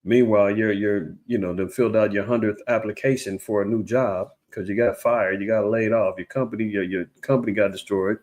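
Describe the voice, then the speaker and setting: A man giving casual religious commentary online, rambling and preachy, with frequent restarts and mocking raised-pitch impressions of others. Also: steady tone, brisk, hardly any pauses, darkish tone.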